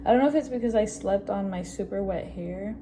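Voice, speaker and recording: A young woman in her twenties chats to camera from her kitchen, sharing advice in an upbeat, easygoing way. Her voice sits at an ordinary middle pitch, and she drops in the odd Spanish phrase. A steady hum of background noise runs under the home recording. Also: fairly quick. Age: 20s. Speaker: vlogger. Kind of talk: casual vlog talk to camera.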